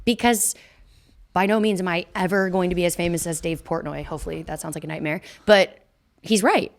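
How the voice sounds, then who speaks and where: A young woman co-hosting a podcast, outspoken and animated, acting out what other people say. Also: fairly low pitch, vocal fry. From United States. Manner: animated, outspoken, quick to act out quotes. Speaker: podcast co-host. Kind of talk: casual chat.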